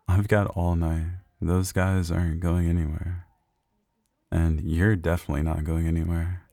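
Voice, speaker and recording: A man performing an intimate audio role-play in a low, close, murmured delivery, speaking near the microphone. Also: gravelly, warm tone, husky, dry recording. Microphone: close microphone, speaking near the ear.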